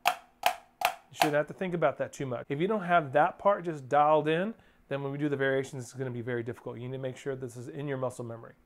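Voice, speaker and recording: A man's voice: medium pitch, fast. A man teaching drum rudiments step by step, patiently calling out counts and stickings. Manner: counts beats and calls stickings aloud; patient, plain coaching. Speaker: drum instructor. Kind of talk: step-by-step music lesson. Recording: clear clicking noise behind voice.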